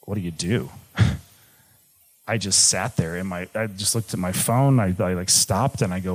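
A man's voice: mid-range voice, lively intonation, moderate pace. A young man from Michigan telling a personal story on stage, candid and swearing freely, moving between jokes and gravity. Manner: candid, swearing, shifts from jokey to grave. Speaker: live storyteller.

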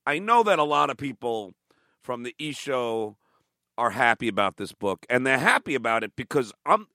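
A man's voice: mid-range voice, big pitch swings, normal speed, sharp tone, no room sound. A man telling blunt, profane stories in casual chat, swearing and restarting his sentences.

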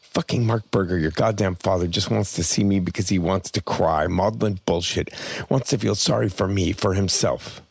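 A man's voice: deep voice, gravelly, a little mellow, husky, dry recording, full character voice. A man voicing his frail, bitter older mother near the end of her life, speaking faintly with little strength behind it. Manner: faint rushing rant, barely above a whisper.

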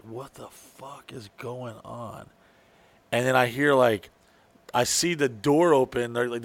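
A man's voice: mid-range voice, no room sound. A man telling a long profane story in casual chat, rambling and acting out what he said at the time. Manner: profane, rambling, acts out his own lines.

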